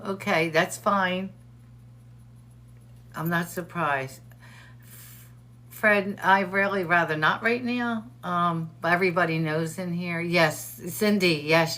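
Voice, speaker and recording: A woman's voice: fairly low pitch, fairly even intonation, slow pace, pushed and bright. A middle-aged woman hosting a casual livestream, telling stories in quoted dialogue and answering viewers in the chat by name. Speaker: host of a livestream show. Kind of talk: casual live-stream chat.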